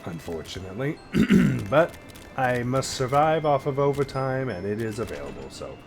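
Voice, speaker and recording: A man's voice: mid-range voice, very animated, moderate pace, creaky. A man chatting on a live game stream, wry and muttering, still recovering from an illness. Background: faint game music.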